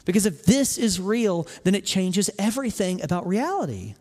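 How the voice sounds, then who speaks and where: A man preaching a sermon as pastor, moving from hushed storytelling to loud exclamations. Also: high-pitched, lively intonation, normal speed, big-room sound.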